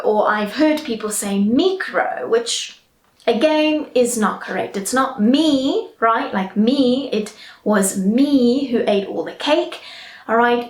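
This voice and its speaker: A woman with a British English accent teaching English pronunciation in a chatty way, often checking in with "all right?" and slowly modelling each word. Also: fairly high pitch, reverberant. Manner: slow, careful model pronunciations. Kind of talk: online English lesson.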